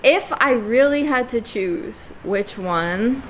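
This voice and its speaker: Slow-talking woman podcast co-host. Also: fairly high pitch, expressive, fairly bright tone, a little hiss or hum. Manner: thoughtful, frequent "like", laughs often. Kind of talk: casual chat.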